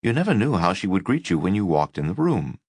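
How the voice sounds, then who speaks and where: A man reading a memoir audiobook aloud, measured storytelling with lively inflection. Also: low voice, husky, no echo, studio quality. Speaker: audiobook reader.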